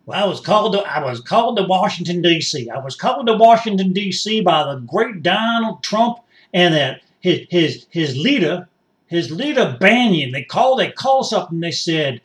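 A man playing an excitable, folksy rural rioter who rambles and boasts as a guest in a satirical mock interview. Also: sits high, normal speed, distant mic. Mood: fired up.

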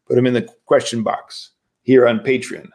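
A man's voice: medium pitch, little pitch movement, normal speed, creaky, a little mellow. A man, a priest, giving a livestreamed spiritual lecture in a conversational, emphatic way, often asking rhetorical questions.

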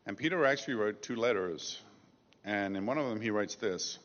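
A man preaching a sermon as pastor, measured and emphatic, slowing down to stress key phrases. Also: fairly low pitch, fairly bright tone. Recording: dull lo-fi sound with long reverb.

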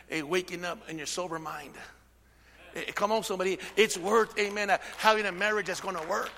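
A man preaching a sermon as pastor, calling out amen and drawing the congregation in, swinging from shouting to a near whisper. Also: sits high, fairly even intonation, a little fast, creaky, long reverb tail. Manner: peppers speech with amen and call-and-response. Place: church sanctuary.

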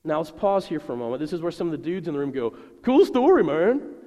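A man preaching a sermon to a congregation, animated and acting out the voices he quotes. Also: fairly high pitch, very fast, big-room sound. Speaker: pastor.

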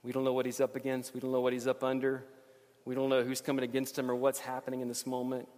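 Man preaching, booming then hushed, hall reverb. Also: monotone, fast. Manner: swings from loud rising emphasis to quiet low intensity. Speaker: pastor. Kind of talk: sermon.

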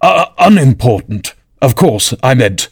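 A man voicing an anxious, pompous storybook king who talks gravely and hastily. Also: a little high, lively intonation, a little slow, a little mellow, pitched above the performer's own voice.

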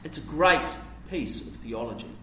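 Preacher in a roomy church. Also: male voice, medium pitch, lively intonation, normal speed, a bit bright, slight background noise. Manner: conversational, explanatory, rhetorical questions. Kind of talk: sermon. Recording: roomy, distant mic, faint ambience.

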